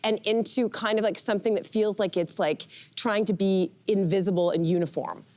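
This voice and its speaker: A woman co-hosting a talk show, thinking out loud and asking questions in a casual, musing way. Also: medium pitch, normal speed. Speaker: co-host. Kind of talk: casual panel chat. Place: TV studio.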